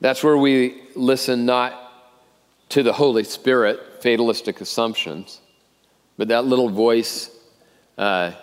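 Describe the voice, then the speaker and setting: Middle-aged male pastor, earnest sermon delivery, mid-pitched voice, church hall with long reverb. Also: fairly even intonation, a little slow, long pauses, clear, resonant tone. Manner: earnest, repeats words when starting phrases. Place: church auditorium.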